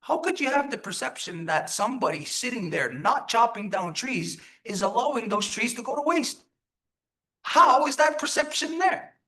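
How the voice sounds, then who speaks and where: A man leads a live teaching session, his voice sitting high for a man and swinging widely in pitch. He talks emphatically and keeps putting questions to his listeners. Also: lively intonation, moderate pace, sharp tone. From Turtle Island. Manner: emphatic, rhetorical, asks the audience questions. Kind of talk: live teaching talk to an audience.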